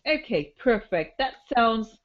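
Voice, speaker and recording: A woman hosting a podcast in casual chat, slightly hoarse from a cold, chatty, with many ums and easy laughter. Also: on the high side, big pitch swings, slow, muffled recording. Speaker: podcast host.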